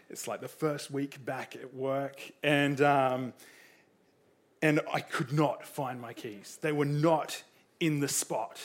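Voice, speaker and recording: A man's voice: medium pitch, fairly even intonation, slow pace. A young man preaching a sermon in a casual, conversational way, full of fillers, acting out quotes with a raised voice.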